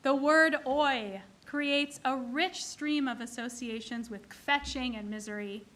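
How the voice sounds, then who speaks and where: A clergywoman leading a service gives a sermon in a synagogue, telling jokes and acting out their characters. Her voice is high-pitched, slow and a bit bright, with slight background noise.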